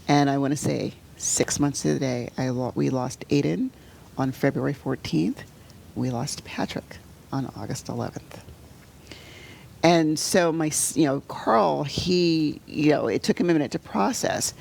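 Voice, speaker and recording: A middle-aged woman telling a painful personal story as an interview guest, halting and full of fillers, sometimes sinking to a near-whisper. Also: deep voice, gravelly, slight background noise. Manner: halting, full of "you know" fillers and restarts; drops to a soft near-whisper at painful moments. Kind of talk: emotional personal storytelling in conversation.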